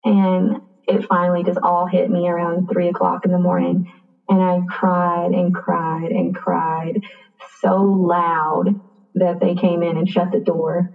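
A woman's voice: lowish voice, little pitch movement, a little slow. Young woman on a tinny line. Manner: quiet, reflective recounting. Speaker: podcast guest. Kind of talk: personal storytelling.

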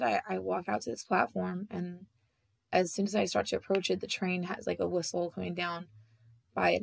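A woman telling a personal story in a halting way, full of fillers and restarts. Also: mid-range voice, gravelly, breathy edge, no room sound.

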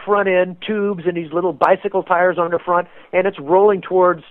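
Excitable man on a tinny phone line. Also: high voice, normal speed, smooth, no room sound. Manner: excitable, acts out quotes with sudden loud bursts. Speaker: interview guest, race car paint designer. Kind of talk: animated storytelling.

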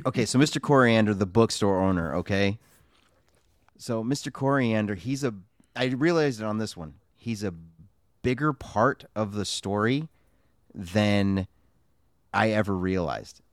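A man's voice: fairly low pitch, expressive, measured pace, pauses often, no echo, clean studio sound. Man in his thirties in eager podcast chat. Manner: enthusiastic, laughs often. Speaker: podcast co-host. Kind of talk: casual chat.

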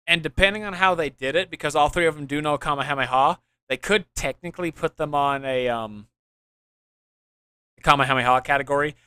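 Young male podcast host, bright crisp voice, dry close sound, rambling restarts, eager explainer. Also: a little high, fairly quick, no room sound. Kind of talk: casual gaming podcast chat.

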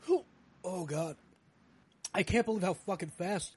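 A man's voice: high-pitched, measured pace, a little mellow, slightly rough. A man hosting a casual chat who groans and swears in pain while eating a very spicy chip. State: in pain from burning spice. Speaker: podcast host.

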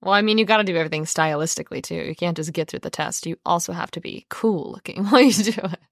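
A woman's voice: fairly low pitch, no room sound, studio quality. A woman co-hosting a podcast in casual chat, swearing freely and acting out other people's lines. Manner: animated, profane, mimics people in quick voices. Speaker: podcast co-host.

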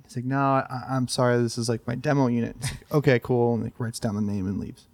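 A man's voice: mid-range voice, fast talker, creaky, no room sound, studio quality. A guitar store employee telling stories in casual podcast chat, quoting the people he met. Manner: animated storyteller, quotes people in his story.

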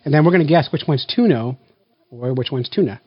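Playful dad hosting a taste test. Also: male voice, mid-range voice, fairly quick, slightly rough, no echo, muffled recording. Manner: playful, counting down loudly. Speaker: host of a blindfolded taste test. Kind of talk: casual family vlog chat.

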